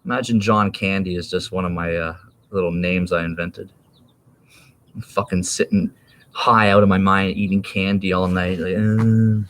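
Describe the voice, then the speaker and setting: A man's voice: low-pitched, fairly even intonation, moderate pace, a bit bright, slight background noise. A man in his thirties rambling in a casual, profane monologue, laughing and jumping between topics.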